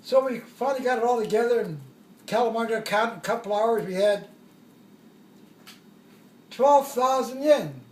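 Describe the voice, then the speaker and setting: An older man tells an old war story, rambling and chuckling as he goes. His voice is very high, and it comes from some way off the mic in an echoey room. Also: measured pace, long pauses, far from the mic. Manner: rambling, chuckling, acts out shouted quotes. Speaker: veteran telling a war story. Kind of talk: casual storytelling.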